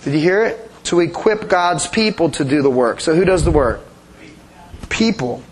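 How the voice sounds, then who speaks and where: A man with a notably high voice teaches a sermon in a conversational way. He keeps asking his congregation questions and approving their answers, with lively emphasis. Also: moderate pace, rough recording. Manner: animated emphasis, playful sound effects. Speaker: pastor.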